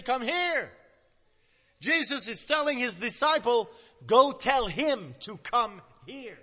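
A man preaching a sermon, dramatic, swinging between loud emphasis and hushed low words. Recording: long hall reverb.

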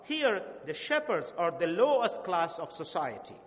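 Earnest high-voiced preacher in a hall. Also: male voice, big pitch swings. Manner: earnest, slow and emphatic, with halting restarts. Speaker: pastor. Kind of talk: sermon. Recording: long hall reverb.

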